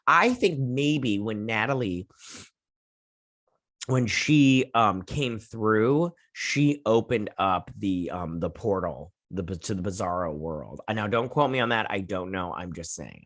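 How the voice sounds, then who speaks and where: A man's voice: fairly low pitch, fairly bright tone, no room sound, clean studio sound. A man hosting a TV review, recapping an episode in a chatty, sassy way, retelling scenes with lots of "she's like.". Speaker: TV review host.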